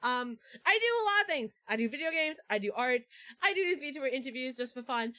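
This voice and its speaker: A woman's voice: sits high, expressive, fast, sharp tone, no room sound, clean studio sound. A woman hosting a casual livestream chat, giggly and swearing casually as she introduces her show. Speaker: streamer host.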